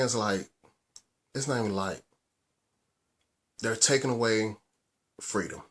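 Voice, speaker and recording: A man from the United States talks straight to his vlog audience, his voice husky and mid-pitched. He rants in an agitated way, stumbling over restarts and swearing for emphasis. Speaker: vlogger. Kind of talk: angry personal vlog rant.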